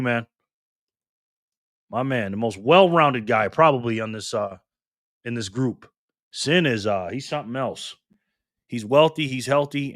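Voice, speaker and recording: A man's voice: medium pitch, fairly bright tone, no echo, studio quality. Upbeat man hosting a live stream. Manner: greets chat viewers by name, upbeat and friendly. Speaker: livestream host. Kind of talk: casual live-stream chat reading comments. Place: home room in Las Vegas.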